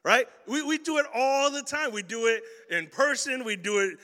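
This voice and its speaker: A young man preaching an energetic youth sermon, telling stories in slang and swinging from loud bursts to hushed points. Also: very high-pitched, moderate pace, big-room sound. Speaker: youth pastor.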